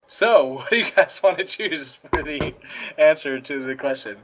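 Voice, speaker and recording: A man hosting a casual gaming roundtable, talking with excitable enthusiasm. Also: fairly high pitch, normal speed, a little hiss or hum, poor audio.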